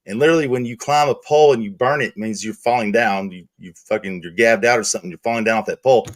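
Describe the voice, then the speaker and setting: A man's voice: lowish voice, fast, no echo. A middle-aged man telling rambling, profane work stories in casual chat as a stream host. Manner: rambling, profane, laid-back.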